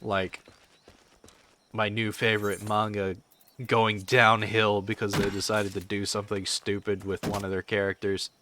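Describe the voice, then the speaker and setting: A man's voice: lowish voice, little pitch movement, measured pace, pushed and bright, a little hiss or hum. A man chatting casually on a game stream, rambling and swearing as he answers chat.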